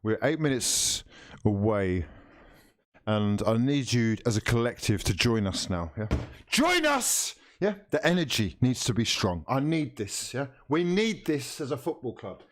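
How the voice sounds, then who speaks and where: A man's voice: mid-range voice, lively intonation, normal speed. Guy doing a footy watchalong, mock commentary then swearing and begging, voice jumps all over. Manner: swings between mock play-by-play and sweary pleading outbursts. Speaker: football fan hosting a watchalong. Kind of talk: live football watchalong commentary.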